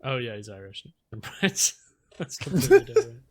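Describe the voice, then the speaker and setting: A man co-hosting a gaming podcast in jokey casual chat, quick to chime in. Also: mid-range voice, wildly swooping pitch, a little mellow. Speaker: podcast co-host.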